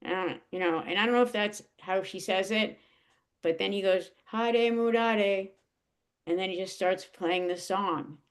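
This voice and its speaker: A woman telling an emotional personal story in a casual, halting way, with many restarts and fillers. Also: on the low side, fairly even intonation. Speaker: guest.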